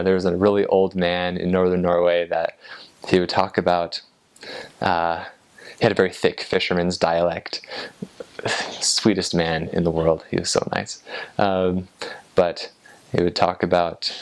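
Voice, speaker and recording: A man and former missionary explaining in a relaxed, hesitant way, pausing often on fillers. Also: low voice, smooth. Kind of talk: casual spoken explainer.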